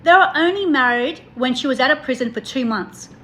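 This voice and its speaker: A woman's voice: high voice, expressive, fairly quick, a bit bright. A woman co-hosting a casual chat, emotional and laughing often. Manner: emotional, laughs a lot, exaggerates. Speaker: podcast co-host.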